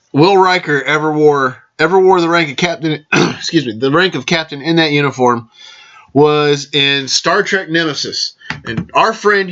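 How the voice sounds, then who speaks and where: A man with a high, bright, forceful voice chats casually as a vlog host. He rambles, corrects himself mid-sentence and raises toasts to his listeners. The recording sounds dull and lo-fi. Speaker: podcast host.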